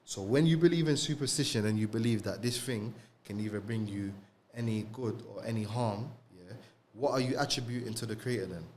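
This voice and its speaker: A man's voice: fairly low pitch, brisk, darkish tone, a little hiss or hum. A young man, co-hosting a podcast and talking casually about faith in street slang, often adding "bro" and "you get me". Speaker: podcast co-host. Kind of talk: casual religious discussion.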